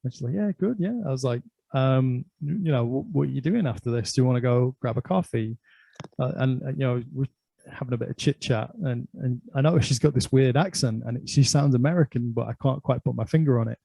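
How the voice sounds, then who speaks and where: Middle-aged guy with a gravelly, mellow voice, telling a story, lots of "like" and little laughs. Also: mid-range voice, brisk, dry recording. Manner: rambling, laughs often, fills with "like" and "um". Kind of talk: casual anecdote telling.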